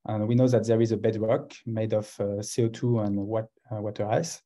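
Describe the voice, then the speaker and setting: Speaking lowish and flat at a moderate pace, yet warm in tone, a French-accented man presents a science talk by video call as a guest scientist. He hesitates frequently, with plenty of uhs between phrases.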